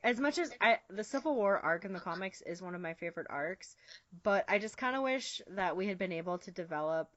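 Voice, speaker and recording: A young woman in casual fan chat, talking quickly and giggling between thoughts. Her voice sits in a middling range, sounds dry and close, and has a slightly dull, lo-fi tone. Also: medium pitch, expressive, fairly bright tone, no echo. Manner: giggly, quick, gushing fan talk with many fillers.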